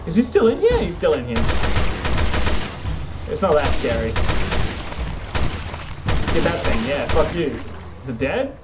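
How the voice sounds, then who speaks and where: A man's voice: a little high, huge pitch swings, a little slow, pauses often, loud music behind the voice, low-quality recording. A man streaming a horror game, swearing and jumpy while he talks to his companion through a desk mic. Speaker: gameplay streamer. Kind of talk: let's play commentary. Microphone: desk mic with face cam.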